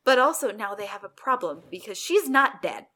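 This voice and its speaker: A woman's voice: medium pitch, normal speed. A young woman co-hosting a podcast, casually recapping an episode with sarcastic asides and acted-out quotes. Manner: animated, sarcastic, acts out quotes. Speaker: podcast co-host.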